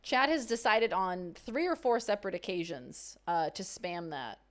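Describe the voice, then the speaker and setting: A woman's voice: mid-range voice, lively intonation, moderate pace. A young woman streamer chatting casually and playfully with her viewers while playing a game. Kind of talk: casual livestream gaming chat.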